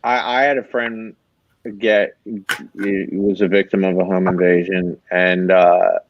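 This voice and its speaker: A man in relaxed casual chat, reacting and asking questions. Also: low-pitched, takes it slowly, slight background noise. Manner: laid-back reactions and questions. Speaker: podcast co-host. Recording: dry, dull lo-fi sound.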